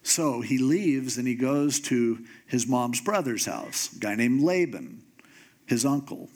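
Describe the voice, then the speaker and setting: A man preaching a sermon, telling a story in a comic way and acting out the characters with sudden jumps in pitch. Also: lively intonation, takes it slowly, darkish tone. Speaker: pastor.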